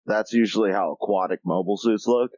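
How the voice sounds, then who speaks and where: A man's voice: on the low side, a little fast, a little mellow, no echo, dull audio. A man co-hosting a podcast, chatting casually, rambling with lots of swearing and filler words. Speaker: podcast co-host. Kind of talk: casual chat.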